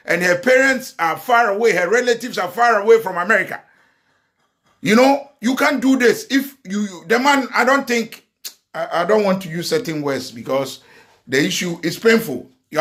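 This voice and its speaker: Impassioned man, fairly high voice. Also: a bit bright. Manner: impassioned, repetitive, with many fillers and restarts. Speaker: commentary vlogger. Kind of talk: emotional social media commentary. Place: lives in the Netherlands.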